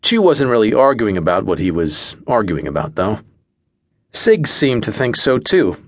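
A man's voice: on the low side, sing-song, moderate pace, no room sound. A man narrating a first-person fantasy audiobook in a wry, dry storytelling manner.

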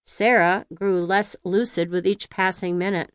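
Woman narrator, audiobook, measured, smooth, crisp, dry close sound. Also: mid-range voice, steady tone, dry recording. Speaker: author narrating her own audiobook.

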